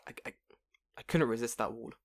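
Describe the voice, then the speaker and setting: A man chatting casually on a podcast, swearing freely and telling animated stories in which he acts out what people said. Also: mid-range voice, a little fast, creaky. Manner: swearing, animated storytelling with put-on quotes. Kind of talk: casual chat.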